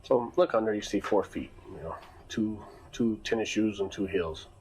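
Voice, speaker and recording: A man's voice: fairly low pitch, moderate pace, a little mellow, slight background noise, rough recording. A man who runs security at a nightclub, telling a long casual story with lots of fillers and restarts. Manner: rambling, many fillers and restarts.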